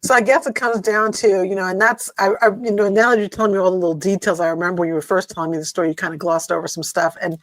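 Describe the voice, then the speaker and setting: A woman's voice: lowish voice, fairly even intonation, rapid-fire, hardly any pauses, a bit bright, no room sound, low-quality recording. Middle-aged woman, podcast co-host, reflective casual talk, dry close sound. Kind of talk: casual chat.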